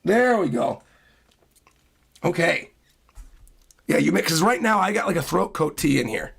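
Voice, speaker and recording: A man streaming live in casual chat, hoarse with a worn-out voice, excitable and prone to bursts of loud hyped yelling. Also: a little high, a little slow. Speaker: streamer reacting to a comic chapter.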